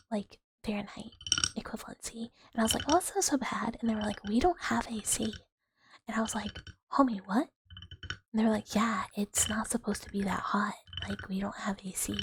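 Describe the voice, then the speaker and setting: A young woman streaming as an ASMR host, chatting with viewers in a soft whispered role-play and rambling with fillers on a close microphone. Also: mid-range voice. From United States. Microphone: close sensitive ASMR microphone. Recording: loud hiss under the whisper.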